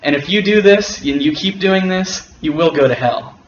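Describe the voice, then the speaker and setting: A man quoting a preachy old woman, speaking slowly and insistently. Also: on the high side, lightly acted. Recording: roomy, dull and slightly noisy.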